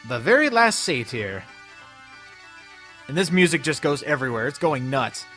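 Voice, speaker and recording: Animated young-sounding man narrating gameplay. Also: a little high, normal speed. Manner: animated, with loud playful outbursts. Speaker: let's play host. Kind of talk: casual gameplay commentary. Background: game music.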